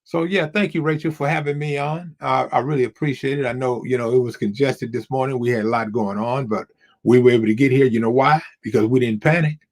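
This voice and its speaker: A man's voice: mid-range voice, steady tone, brisk. Emphatic man preaching in a chat. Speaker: guest. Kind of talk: casual chat.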